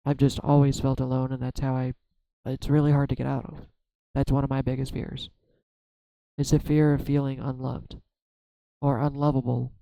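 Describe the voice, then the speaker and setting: Man, tarot vlogger, soft dark tone, flat delivery, halting and self-searching, dry sound. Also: medium pitch, gravelly, dry recording, poor audio. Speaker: tarot reader. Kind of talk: reflective solo tarot vlog.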